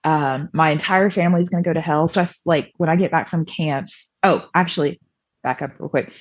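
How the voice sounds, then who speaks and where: A woman's voice: low-pitched, a little fast, no echo, lo-fi sound. A young woman from the American South, chatty and self-deprecating, telling her personal story as a podcast guest and acting out past conversations.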